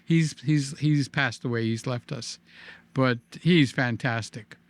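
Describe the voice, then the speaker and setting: A man's voice: medium pitch, slow. A middle-aged man hosting a casual vlog, talking animatedly to camera, joking and repeating himself. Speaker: vlogger host. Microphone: desk microphone.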